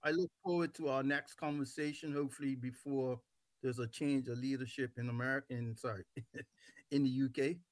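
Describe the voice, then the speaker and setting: A man hosting a radio talk show, relaxed and teasing as he wraps up the show. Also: mid-range voice, normal speed, dry recording. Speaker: host.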